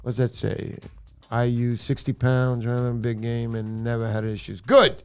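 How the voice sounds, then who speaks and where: A middle-aged man hosting a casual livestream, playful and jokey with loud bursts of excitement. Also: medium pitch, a little slow, smooth, faint music behind. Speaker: livestream host.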